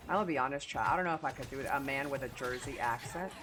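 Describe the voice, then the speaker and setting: A woman livestreaming a game, talking crudely to her chat and yelling at her teammates. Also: very deep voice, rapid-fire, noisy background. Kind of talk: live gaming stream chat.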